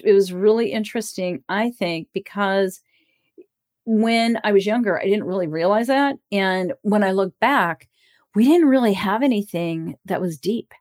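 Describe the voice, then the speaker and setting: Woman relationship coach hosting a solo podcast: frank and self-disclosing, loose casual delivery, swears easily. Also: medium pitch.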